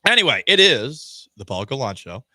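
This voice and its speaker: A man hosting a sports talk radio show, animated and joking in a rapid-fire way. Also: mid-range voice, dry recording. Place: radio studio.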